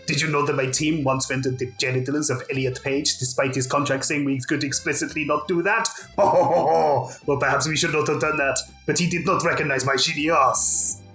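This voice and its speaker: Man playing a fake-French director, scheming wizard underneath, hammy accent, roomy echo, slightly high voice. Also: fairly even intonation, moderate pace, hardly any pauses, bright, forceful tone, soft background music. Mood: boastful.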